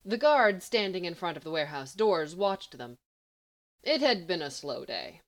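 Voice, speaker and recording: A woman narrating a story in a steady, even reading voice. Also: lowish voice, moderate pace. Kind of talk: audiobook fiction reading.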